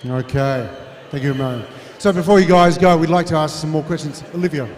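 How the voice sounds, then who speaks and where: A man's voice: a little high, brisk, a little mellow. A man hosting an awards night, chatty and loose with fillers. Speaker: awards ceremony host. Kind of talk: live emcee patter. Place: large reverberant event hall with audience. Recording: echoey hall, crowd behind.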